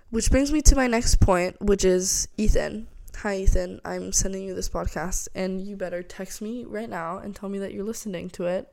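A woman's voice: medium pitch, vocal fry, darkish tone. A young woman hosting her own podcast, chatting casually and rambling with lots of fillers. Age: young adult. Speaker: podcast host. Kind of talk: casual solo chat.

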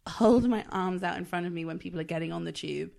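A woman's voice: on the low side, fast, gravelly, darkish tone. A woman hosting a podcast, chatting casually and laughing as she tells opinionated stories. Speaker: podcast host. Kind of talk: casual chat.

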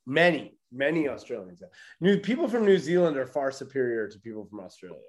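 Male co-host, mid-pitched, blunt and sarcastic, casual swearing. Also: sing-song, fairly quick. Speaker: podcast co-host. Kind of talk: casual chat.

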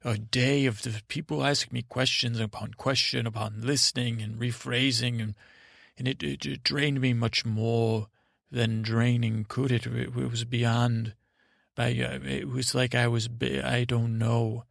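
A man hosting a podcast, telling a meandering bedtime story in a halting, self-correcting way. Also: mid-range voice, flat delivery, gravelly, fairly bright tone, no echo, clean studio sound.

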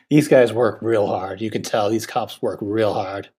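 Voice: mid-range voice, steady tone, slow pace, darkish tone, slightly rough. A podcast co-host chatting casually about a film, chiming in with quips and laughing. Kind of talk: casual movie chat.

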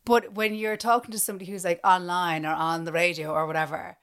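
A woman's voice: fairly low pitch, flat delivery, fast, fairly bright tone, clean tone. A woman with an Irish accent co-hosting a podcast, talking animatedly in casual chat and acting out little exchanges. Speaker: podcast co-host.

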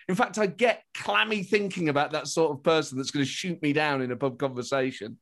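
A man's voice: fairly high pitch, brisk, hardly any pauses, fairly bright tone. A British man, a comedian, talking animatedly as a podcast guest, often restarting his thoughts mid-sentence. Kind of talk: casual interview chat.

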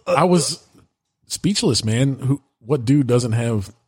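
A man's voice: medium pitch, expressive, slow pace, slightly rough, no echo, clean studio sound. A man hosting a podcast in casual chat, teasing and conversational. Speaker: podcast host.

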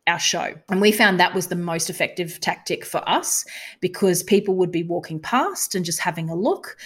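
A woman's voice: on the low side, expressive, normal speed, slightly rough. A young adult Australian woman telling stories in a casual podcast interview, acting out the lines she said to people. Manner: chatty storytelling, acts out quoted lines. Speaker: guest, touring comedy performer.

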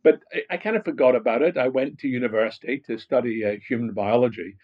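A man's voice: medium pitch, fast, highs cut off. A man from Glasgow with a Scottish accent, a guest telling his life story in a reflective way, with fillers and restarts. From Scotland, Glasgow. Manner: frequent fillers and restarts, rising animation in anecdotes. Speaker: guest, motivational speaker.

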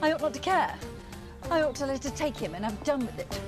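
A woman's voice: high voice, expressive, fairly quick. An actress playing a proud, indignant woman in a period drama, muttering bitterly to herself. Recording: TV clip with music underneath.

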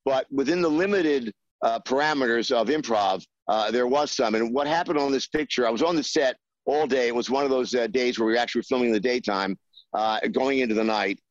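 A man telling a behind-the-scenes anecdote in an interview, halting with many fillers and acting out the voices he quotes. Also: mid-range voice, no echo, highs cut off. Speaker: screenwriter guest.

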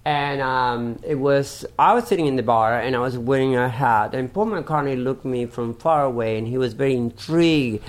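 A woman with a Spanish accent, a guest performer telling a story in casual chat, halting with fillers and restarts and breaking into loud laughs. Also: rumbling low. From from Spain.

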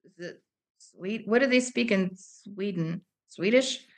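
A woman guests on a casual podcast, sounding hesitant as she talks her way through her guesses. Her voice sits at a middle pitch for a woman. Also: takes it slowly. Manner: hesitant, thinks aloud.

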